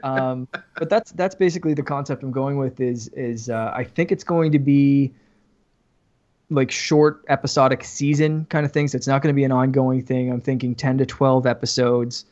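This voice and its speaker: A man's voice: mid-range voice, steady tone, moderate pace, darkish tone, muffled recording. Hesitant man on a podcast. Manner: hesitant, many uhs and restarts. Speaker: podcast host. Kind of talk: casual chat.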